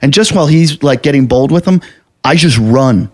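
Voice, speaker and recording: A man telling a story in casual podcast chat, animated and profane, acting out what people said. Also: medium pitch, moderate pace. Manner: animated, profane, acts out quotes. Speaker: podcast host.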